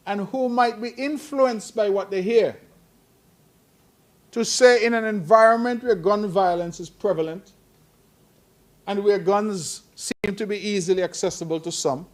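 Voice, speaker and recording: A middle-aged man giving earnest, admonishing remarks at a press conference, growing emphatic. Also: high voice. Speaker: head of government at a press conference.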